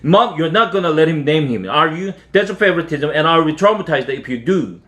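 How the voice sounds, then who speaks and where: A man's voice: a little high, lively intonation, fairly quick, a bit bright, pitched above the performer's own voice. A man voicing a sulky older brother from a storybook. He complains in a whiny, put-upon way, his tone moving about a lot. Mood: complaining.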